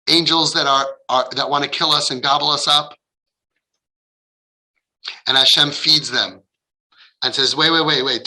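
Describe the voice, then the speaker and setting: A man's voice: a little high, bright, forceful tone, low-quality recording. A middle-aged man giving passionate, casual advice to parents, acting out dialogue and sprinkling in Hebrew religious terms. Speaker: parenting coach.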